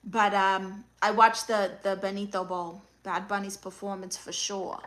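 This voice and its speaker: A woman with a New York accent hosts a comedic livestream as an aunt character, reading viewer comments and answering with dry, deadpan quips. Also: mid-range voice, a little slow, rough recording. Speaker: livestream host playing an aunt.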